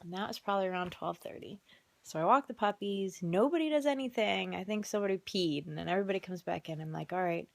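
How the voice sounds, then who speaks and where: Worn out mom rambling into her phone, drops to whispers a lot, dry close sound, average pitch. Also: fast, gravelly, no echo. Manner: tired, chatty, often drops to a whisper. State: exhausted. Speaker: mother vlogging. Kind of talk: casual storytelling vlog. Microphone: phone camera.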